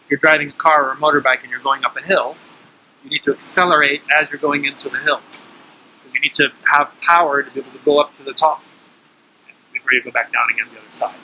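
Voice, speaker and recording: A man's voice: mid-range voice, steady tone, fast, pushed and bright, slight background noise, poor audio. A man teaching breathing awareness to a small group in a casual, coaching way, often checking in with his listeners. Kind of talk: casual instructional talk.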